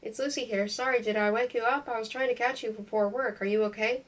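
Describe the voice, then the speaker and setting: A woman's voice: on the high side, fairly even intonation, quick pace, far from the mic, close to an everyday voice, low-quality recording. A woman reading aloud and voicing a young woman caller who presses and chats insistently. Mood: pushy.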